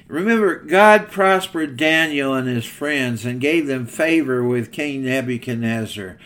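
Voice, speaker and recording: A man's voice: a little high, fairly bright tone. An older man preaching a sermon in a folksy, earnest storytelling manner.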